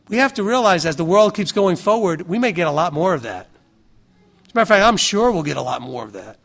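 High-voiced male preacher, conversational sermon, mimics scoffers, rhetorical questions. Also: fairly bright tone. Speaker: pastor.

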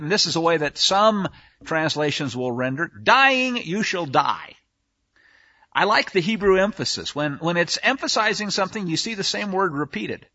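A man's voice: sits high, sharp tone, highs cut off. A man preaching a sermon on scripture, emphatic, often asking the listeners rhetorical questions. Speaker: Bible teacher.

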